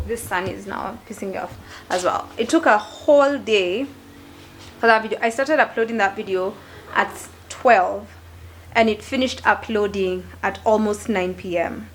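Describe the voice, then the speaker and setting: A woman's voice: mid-range voice, moderate pace, slight background noise. A young woman, chatting casually and expressively to camera in a home vlog. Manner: chatty and expressive, with animated asides. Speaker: lifestyle vlogger.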